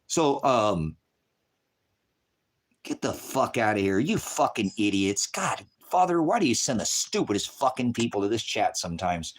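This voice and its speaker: An angry, distraught man ranting profanely on a livestream, at times shouting. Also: lowish voice, big pitch swings, normal speed.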